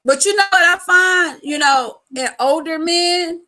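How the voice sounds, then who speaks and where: A woman hosting a casual live chat, telling animated stories in a loose colloquial way and laughing often. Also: very high voice, a little slow, poor audio. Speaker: host.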